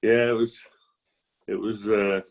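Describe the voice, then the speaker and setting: A man's voice: fairly low pitch, flat delivery, takes it slowly. Easygoing man reminiscing as a podcast guest. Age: late 40s. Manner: easygoing, enthusiastic storyteller. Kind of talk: casual reminiscing chat.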